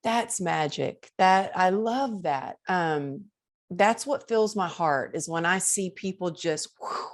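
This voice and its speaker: Enthusiastic motivational woman, lowish voice. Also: lively intonation, slow. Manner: enthusiastic motivational speaker, effusive. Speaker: podcast guest. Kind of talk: podcast interview conversation.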